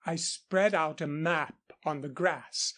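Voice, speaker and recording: A man reading the lines of a kind, cultured English woman schoolteacher in an audiobook, gentle and earnest, with an English accent. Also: a little high, takes it slowly.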